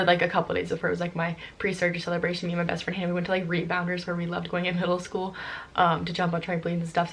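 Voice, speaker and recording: Young woman vlogging her story, fast, slightly low voice, likes and ums everywhere. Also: fairly bright tone, a little hiss or hum. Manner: rushed, filler-heavy with constant "like" and "um". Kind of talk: casual personal storytelling.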